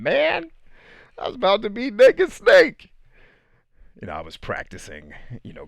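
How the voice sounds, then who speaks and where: A man in his thirties hosting a casual live podcast, answering viewer questions with animated storytelling, frequent laughs and quiet asides. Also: on the low side, clean tone, no echo.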